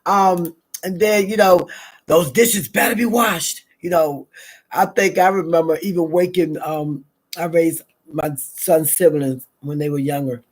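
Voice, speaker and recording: A woman's voice: sits low, steady tone, unhurried, a little mellow. A middle-aged woman with a Southern US accent, chatting and telling stories in a drawling, laughing manner. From American South. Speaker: vlogger. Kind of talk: casual morning chat and storytelling.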